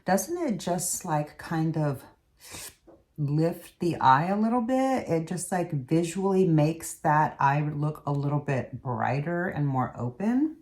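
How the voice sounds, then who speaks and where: A woman's voice: deep voice, lively intonation, takes it slowly, darkish tone. A woman beauty vlogger chatting casually as she does her makeup in a tutorial. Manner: chatty, talks while doing makeup.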